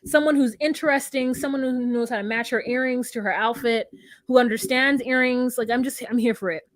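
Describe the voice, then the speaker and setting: A woman co-hosting a casual podcast, retelling scenes with lively quoted voices. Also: a little high, brisk, dry recording. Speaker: podcast co-host recapping a reality show. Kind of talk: casual chat.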